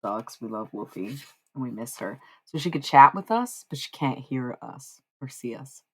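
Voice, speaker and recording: Streamer, casual live chat, vocal fry, loose and swearing, slow when reading passages aloud. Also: medium pitch, animated, rough recording. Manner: loose and chatty, swearing freely, laughing.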